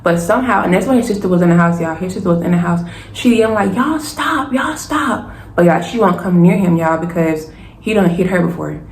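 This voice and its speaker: A young woman, telling a personal story to her viewers in a lively, casual way and calling them y'all. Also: fairly low pitch, quick pace. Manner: animated, keeps addressing viewers as y'all. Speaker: storytime vlogger. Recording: echoey room with faint hiss.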